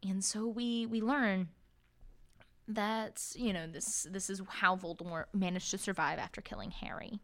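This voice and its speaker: A woman's voice: mid-range voice, steady tone, a little slow. A young woman co-hosting a podcast, chatting casually about a book and acting out quotes. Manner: chatty, many fillers, acts out quotes. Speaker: podcast co-host. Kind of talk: casual book-discussion chat.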